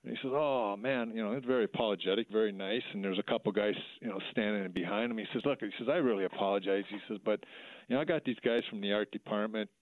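A middle-aged former hockey player telling a story in a halting way, full of fillers and restarts, over a phone line. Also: male voice, on the low side, no room sound. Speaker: former minor league hockey player, guest. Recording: tinny phone line, dry.

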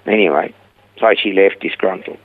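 A man, telling stories in an animated way as the guest of an interview about his rehab ministry. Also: low-pitched, normal speed. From Australia. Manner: animated storyteller, acting out quoted dialogue. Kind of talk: storytelling interview. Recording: narrow phone-like radio audio.

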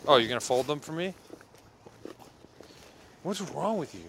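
A man's voice: a little high, expressive, vocal fry, a bit bright, a little hiss or hum. A man from Los Angeles, co-hosting a podcast, complaining sarcastically to his friend on an outdoor hike. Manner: exasperated, sarcastic, quick complaints. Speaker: podcast host. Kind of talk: casual chat outdoors.

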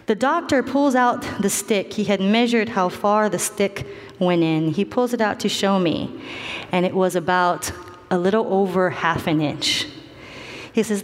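A woman telling a personal story in an earnest, animated way, acting out what other people said. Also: fairly low pitch, a little slow, in a large hall. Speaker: storyteller recounting a family medical ordeal.

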